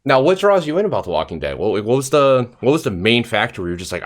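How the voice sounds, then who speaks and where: A man's voice: mid-range voice, very animated, quick pace. A man hosting a live-streamed interview, swearing freely and reading viewer donations aloud between questions. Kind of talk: casual chat.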